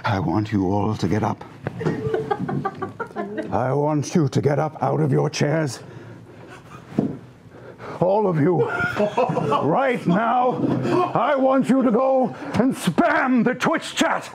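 Man, mock campaign speech, impassioned oratory, high voice, pitch swooping up and down. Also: animated, takes it slowly, creaky, long pauses, background noise. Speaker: cast member of a tabletop game show.

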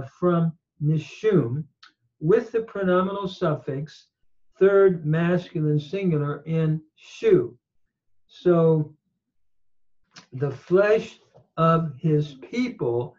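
A man teaching a grammar lesson at a measured pace, pausing often with "uh" while he recites and explains quoted lines. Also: a little high, a little mellow. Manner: measured, pausing, frequent "uh" fillers. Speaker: teacher of ancient languages. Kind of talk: slow lecture with recited quotations. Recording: dull lo-fi audio.

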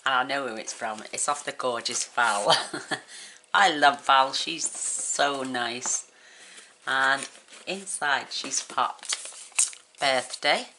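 Woman, low voice, slow delivery, gushing exclamations, casual unboxing chat, noisy background with crinkling. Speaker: craft channel host. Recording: noisy room with paper crinkling.

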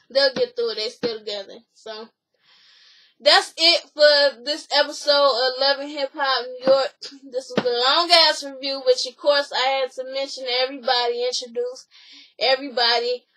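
Animated woman vlogger. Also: sits high. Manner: animated, acts out quotes, swears freely. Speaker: YouTube recap host. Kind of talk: casual reality-show recap.

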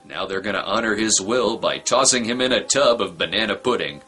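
A man's voice: on the low side, animated, a little fast, pushed and bright, faint music behind. A man giving sarcastic, wisecracking comedic commentary on a movie he is reviewing. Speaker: film review host.

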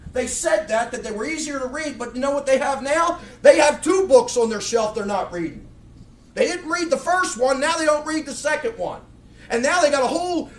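A middle-aged man preaching a blunt, fiery sermon with many restarts. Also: very high voice. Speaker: pastor. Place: church sanctuary. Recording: echoey room, mic far off.

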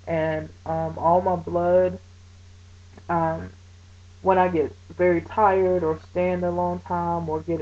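Mellow-voiced woman vlogging, dull lo-fi audio. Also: sits low. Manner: chatty, frequent fillers; animated retelling. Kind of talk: casual talk to camera.

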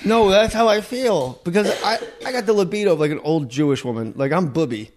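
A man's voice: high-pitched, a little fast. Joking man hosting a comedy podcast. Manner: crude, joking, laughs often. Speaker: podcast host. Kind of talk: casual comedic chat.

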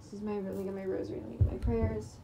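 A woman's voice: medium pitch, level tone, racing, vocal fry, noisy background. A young woman rambling in a late-night monologue, sleep-deprived, with many fillers, restarts and casual swearing. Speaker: vlogger. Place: room at home at night. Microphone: screen recording on computer.

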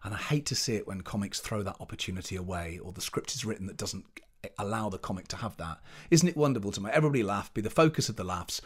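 A man, a pantomime performer chatting as an interview guest, telling animated anecdotes and restarting as he searches for words. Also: fairly low pitch, fast, hardly any pauses, slightly rough. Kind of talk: casual interview chat.

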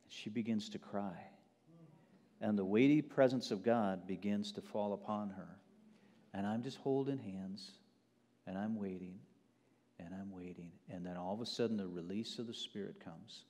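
A male pastor preaching a sermon, telling a story in a hush and then building to loud preaching. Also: fairly low pitch, moderate pace. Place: church sanctuary. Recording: long hall reverb.

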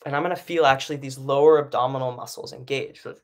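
A man's voice: medium pitch, steady tone, fast. A man teaching an online singing lesson, explaining breathing in a casual way with lots of fillers and "right?" checks. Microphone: live stream setup.

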